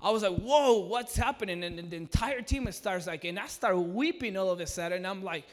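A man leading a mission team, telling an animated testimony full of quoted dialogue. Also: high-pitched, fairly quick, long reverb tail. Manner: excited, retells with quoted dialogue.

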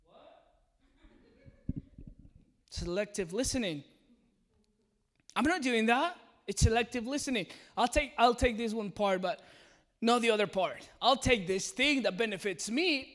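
A man with a high voice preaches to a congregation in a church service. He is lively and keeps joking, turning straight to the people in front of him. He sounds like a pastor in his thirties. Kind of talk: sermon.

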